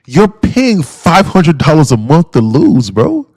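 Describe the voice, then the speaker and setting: A man's voice: fairly high pitch, sing-song, takes it slowly, a little mellow, no room sound. A man who hosts a day-trading live stream, ranting bluntly and repetitively at his viewers, swearing freely and calling them guys and bro. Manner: blunt, profane, repetitive and pushy.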